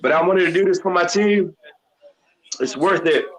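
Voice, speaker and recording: A man's voice: high-pitched, normal speed. A man calling in by video, his mouth burning and eyes teary, groaning and talking through the pain. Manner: groaning, pained, after a hot chip challenge. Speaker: caller on video chat. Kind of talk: live call-in chat. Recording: dull lo-fi video call audio.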